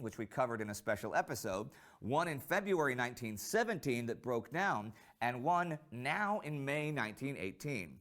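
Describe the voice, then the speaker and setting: Animated man narrating a history documentary. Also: mid-range voice. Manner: measured storytelling delivery, rises for quoted speech.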